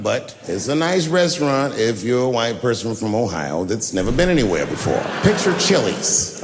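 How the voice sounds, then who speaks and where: A male stand-up comedian telling profane stories with animated delivery, often breaking into shouts. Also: fairly low pitch. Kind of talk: stand-up set. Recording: large venue with long reverb, faint noise.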